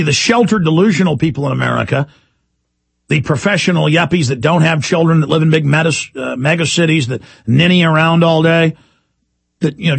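A man hosting a call-in talk radio show, ranting and repeating himself, with sudden emphatic jumps in pitch. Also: creaky, husky, no room sound.

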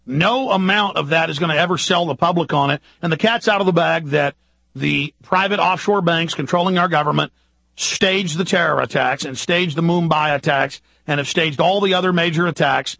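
A man hosting a radio talk show, delivering an urgent, ranting political monologue full of rapid-fire rhetorical questions. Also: on the high side, vocal fry, bright, forceful tone, no echo, lo-fi sound. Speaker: radio host.

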